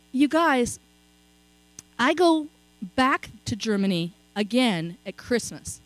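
Speaking at a medium pitch, a middle-aged woman preaches by telling stories conversationally and regularly checking on her listeners with "okay?" The recording is rough but has no echo.

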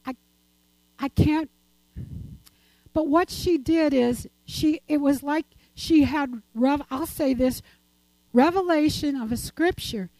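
A woman's voice: high voice, takes it slowly, mellow, no room sound, low-quality recording. An older woman giving a chatty, rambling church talk and personal testimony, laughing often as she goes.

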